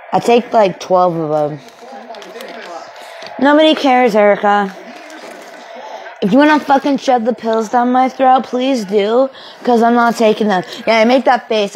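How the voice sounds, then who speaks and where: A woman's voice: on the high side, darkish tone, close to an everyday voice, rough recording. A young woman acting a volatile young woman kicked out by her family, ranting and swearing with sarcasm in an amateur film.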